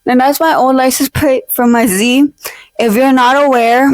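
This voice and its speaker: Young woman, casual vlog chat, rambling and jokey, slightly high voice, dry close mic. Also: moderate pace, dry recording. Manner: rambling and jokey, with fillers and teasing fake-outs. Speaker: vlogger. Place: at home, in her decorated room. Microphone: own desk mic, held close.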